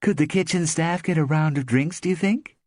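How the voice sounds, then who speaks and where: Firm, no-nonsense storybook friend, pitched up by a male reader. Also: normal speed, a little mellow, dry recording, studio quality. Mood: insistent. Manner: firm, insistent. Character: firm bossy woman friend.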